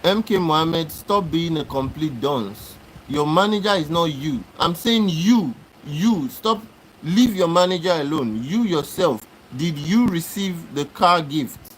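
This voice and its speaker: A man's voice: on the high side, expressive, unhurried, slight background noise, rough recording. A man hosting a live stream, arguing with commenters in a repetitive, exasperated lecturing way. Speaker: livestream host. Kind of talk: live-stream talk answering chat comments.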